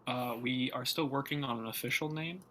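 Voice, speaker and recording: A man giving a deadpan recap of a tabletop game in short, clipped phrases. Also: medium pitch, fairly quick, a little hiss or hum. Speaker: player.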